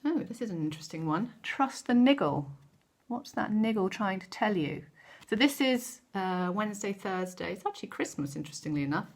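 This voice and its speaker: A woman giving a gentle, encouraging weekly card reading, with frequent ums and self-corrections. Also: mid-range voice, animated, a little fast. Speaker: tarot card reader.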